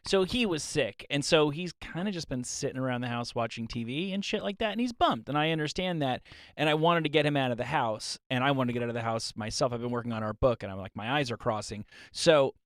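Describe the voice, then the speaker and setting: A man co-hosting a talk show, telling a story in a quick, chatty way. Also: mid-range voice, lively intonation, a bit bright, dry recording, studio quality. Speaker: co-host. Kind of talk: casual chat. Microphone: studio microphone.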